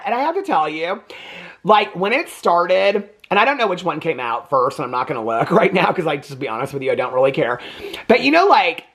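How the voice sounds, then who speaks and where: Male reviewer in his fifties, chatty and digressive, with a very animated voice. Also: sits high, moderate pace. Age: 50s. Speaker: movie reviewer. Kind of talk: casual chat.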